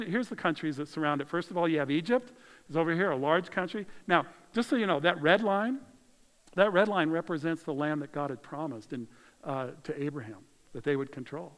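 A male pastor delivers a lively sermon in a slightly higher voice than most men. He drops to near-whispers and then rises for emphasis, and a long reverb from a large hall trails his words. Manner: animated, conversational preaching with dramatic shifts in volume.

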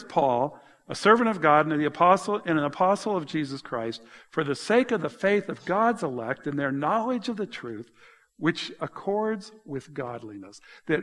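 A man preaching a sermon as pastor, explaining scripture and telling animated stories with emphatic, lively delivery. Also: on the high side, in a large hall.

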